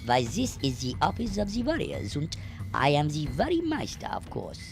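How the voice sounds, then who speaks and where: Woman voicing a fretful little German Worry Meister, gravelly. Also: deep voice, wildly swooping pitch, moderate pace, music in the background, exaggerated voice. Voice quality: exaggerated mock German accent. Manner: fretful, flustered, sing-song. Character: fussy neurotic little male German gnome-like Worry Meister. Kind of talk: adventure game voice acting.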